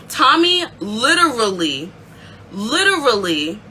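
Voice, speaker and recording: A woman hosting a casual recap show, telling the story in an excitable, animated way. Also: a little high, normal speed, background noise. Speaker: aftershow recap host.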